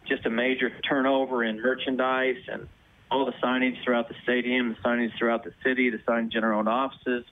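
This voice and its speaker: A man who runs a football club, interviewed on the radio, answering in measured corporate phrasing. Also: mid-range voice. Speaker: football club president, phone guest. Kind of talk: radio interview over the phone. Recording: tinny phone line.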